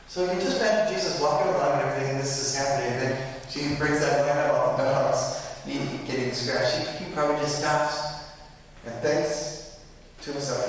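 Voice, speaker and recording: A man's voice: on the high side, steady tone, normal speed, slight background noise. Male priest, chatty sermon with tag questions, long reverberant hall, faint ambience. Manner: conversational, frequent tag questions. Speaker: pastor. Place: church. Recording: echoey church hall, mic from far.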